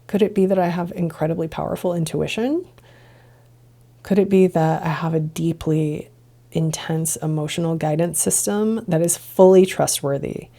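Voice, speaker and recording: A woman's voice: sits low, moderate pace, gravelly, mellow. A woman hosting a podcast, musing earnestly in a reflective solo monologue full of rhetorical questions. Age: adult, past childhood and drinking years. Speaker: podcast host, integration coach.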